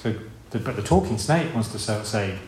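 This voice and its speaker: A man's voice: on the low side, lively intonation, moderate pace, darkish tone, slight background noise. A man preaching an informal sermon in a conversational, rambling way, with many restarts and asides. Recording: roomy hall with faint ambience.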